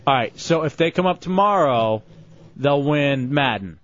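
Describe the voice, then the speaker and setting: A man's voice: a little high, lively intonation, unhurried, a bit bright. A man hosting a casual radio show, teasing his co-hosts and callers and laughing a lot. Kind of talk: casual morning radio banter. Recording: dull lo-fi radio audio.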